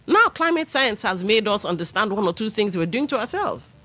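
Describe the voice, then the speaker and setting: A woman's voice: mid-range voice, very animated, brisk, bright, forceful tone. A Nigerian woman hosting a radio talk show, giving opinionated commentary with pidgin asides. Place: radio studio.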